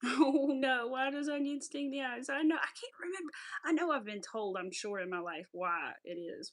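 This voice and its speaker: A woman's voice: on the low side, a bit bright. A woman, hosting a crochet livestream and chatting casually, often laughing and sometimes whispering while she counts stitches. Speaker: craft livestream host.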